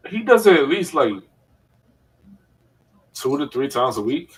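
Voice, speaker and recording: A man's voice: a little high, a little slow, distant mic, over a noisy crowd, low-quality recording. Laughing storyteller man, a bit off-mic. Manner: animated storyteller, laughs often, filler-heavy slang. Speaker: podcast co-host. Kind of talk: casual chat, storytelling.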